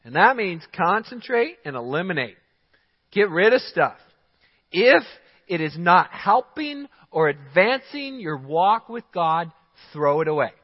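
A man preaching in a big church sanctuary, his fairly high voice ringing with a long echo around the room. He speaks slowly and deliberately, pressing his points with short, punchy commands. The sound is a little dull and muffled. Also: sing-song. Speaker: pastor. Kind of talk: sermon. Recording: dull sound in a large hall with long reverb.

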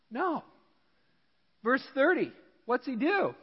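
An American man preaching a sermon as pastor, animated and acting out characters in dialogue. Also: extremely high pitch, unhurried, pauses often, breathy edge, big-room sound, lo-fi sound. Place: church.

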